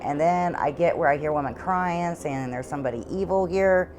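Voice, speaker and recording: Middle-aged woman, low voice, earnest and halting, interview testimony from her own home. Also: noisy background. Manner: halting, repeats words, earnest. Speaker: homeowner interviewed about hauntings.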